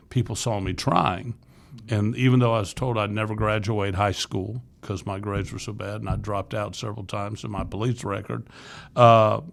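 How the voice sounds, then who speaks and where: A gravelly, fairly low male voice comes from a Florida podcast guest in his sixties who leads a youth ministry. In casual interview storytelling, he candidly and earnestly relates his life, with frequent restarts.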